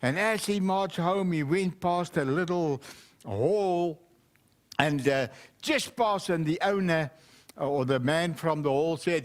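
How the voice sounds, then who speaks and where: A man's voice: fairly high pitch, a little slow. A man, a pastor, telling a children's story in church and asking the children questions. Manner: animated, asks the children questions.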